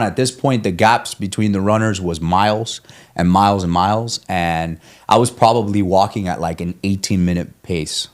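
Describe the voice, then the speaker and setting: A man's voice: low voice, moderate pace. A man, a guest on a podcast, telling a long story in casual chat, swearing freely and laughing as he goes. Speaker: guest, ultramarathon runner.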